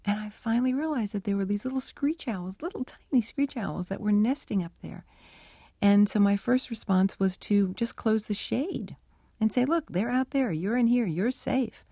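A woman's voice: medium pitch, normal speed, creaky, mellow, breathy edge, no echo. A middle-aged woman researcher answering interview questions, telling anecdotes thoughtfully and acting out remembered lines of dialogue. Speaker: animal researcher, interview guest. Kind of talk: radio interview, storytelling answers.

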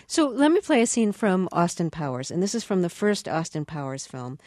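A woman hosting an interview, asking questions in a measured, curious way and setting up clips. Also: fairly low pitch, sing-song, darkish tone, dry recording, studio quality. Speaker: interview host.

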